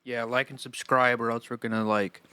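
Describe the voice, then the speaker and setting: A man's voice: mid-range voice, flat delivery, bright, forceful tone, clear, resonant tone, dry recording. Joking young man on a gaming podcast. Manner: easygoing, joking, quick reactions. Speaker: podcast co-host watching a playthrough. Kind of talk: casual let's-play chat.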